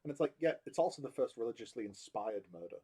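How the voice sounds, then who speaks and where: A man's voice: medium pitch, sing-song, fast talker, mellow, breathy edge. A man chatting casually and irreverently as a podcast co-host, swearing and mocking voices.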